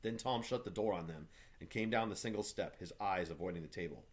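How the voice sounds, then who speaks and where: A man, a teacher, reading a novel aloud for his class with steady, measured delivery. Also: deep voice.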